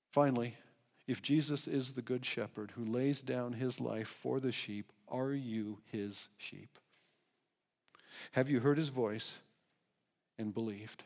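A man's voice: medium pitch, a little mellow. A man preaching a sermon as pastor, earnestly leading his congregation in reading and prayer. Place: church sanctuary.

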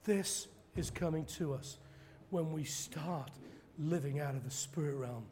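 A man preaching a sermon, telling stories dramatically and acting out quoted preachers in loud high bursts. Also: unhurried, slight background noise. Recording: long hall reverb.

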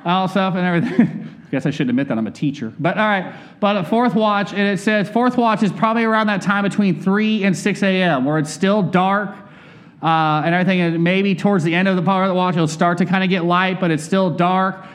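A man with a fairly high voice delivers a relaxed, conversational sermon. He speaks candidly from personal experience and keeps turning to his listeners with questions. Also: brisk. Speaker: preacher.

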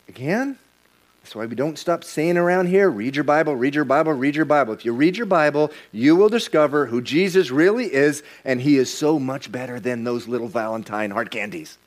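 Male pastor, middle-aged, slightly higher voice, emphatic sermon delivery with lots of repetition. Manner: emphatic, repeats words and restarts lines while preaching.

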